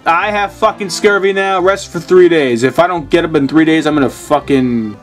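A man's voice: a little high, normal speed, soft background music. A man casually commenting on a video game he plays, reading screen text aloud, muttering and swearing often. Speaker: gaming channel host.

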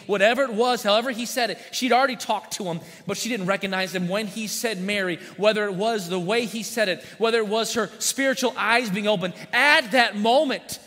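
A man preaching a sermon as pastor, repeating phrases in a steady cadence, sometimes rising loud and sometimes dropping quiet. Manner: swings from loud emphatic lines to quiet low-voiced ones. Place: church sanctuary. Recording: reverberant church sanctuary.

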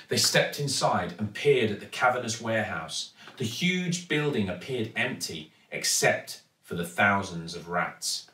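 A man with an English accent reading a children's storybook aloud with steady, expressive storytelling. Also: on the low side, distant mic. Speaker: actor reading a children's book. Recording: echoey room, voice from off-mic.

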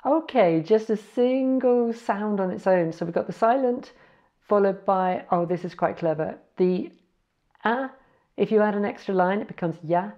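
Her voice is medium-pitched with a dark tone, and the sound is lo-fi. She's a language learner casually teaching foreign words, spelling them slowly letter by letter and correcting herself.

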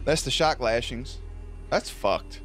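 A man's voice: mid-range voice, slow pace, loud music behind the voice. A man hosting a reaction video, talking casually and profanely and cheering on the action. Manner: excitable, profane, cheers the screen on.

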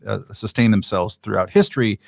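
A man from the Pacific Northwest co-hosting a casual talk, speaking in a relaxed, halting way with many fillers. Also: lowish voice, vocal fry, no echo, clean studio sound. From Portland, Oregon. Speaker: podcast co-host. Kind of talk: casual conversational chat.

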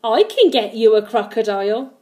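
A woman voicing a small, timid male zookeeper with a squeaky voice, eager and hesitant by turns. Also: lively intonation, moderate pace, mellow, lightly acted. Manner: eager, hesitant then sure.

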